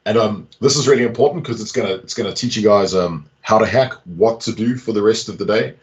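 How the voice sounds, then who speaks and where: A man hosts a live online event in an excitable, jokey way, chatting freely between speakers. His voice is low. The sound is muffled and lo-fi, as on a video call. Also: fast. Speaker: host. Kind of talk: casual live event hosting. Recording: dull lo-fi call audio.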